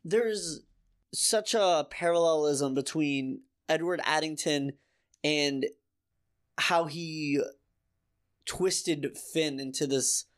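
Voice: medium pitch, slow pace, long pauses. A podcast co-host in a casual book discussion, talking about the story in an earnest, emotionally invested way.

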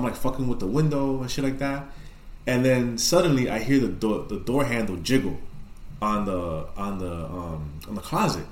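A man's voice: mid-range voice, echoey room. A man casually telling a spooky story on a podcast, rambling and swearing, with lots of fillers. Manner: profane, rambling, animated retelling. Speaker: podcast co-host.

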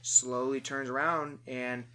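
A man casually recapping a movie on a podcast, animated and acting out the characters' lines. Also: medium pitch, slow pace. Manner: animated storyteller, acts out quotes. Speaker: podcast host.

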